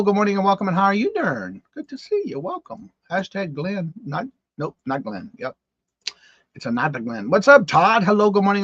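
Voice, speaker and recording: High-voiced man greeting his chat. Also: no echo, muffled recording. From Massachusetts. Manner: greets chat viewers one by one in a repeated sing-song welcome. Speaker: live-stream host. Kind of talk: casual morning live-stream chat.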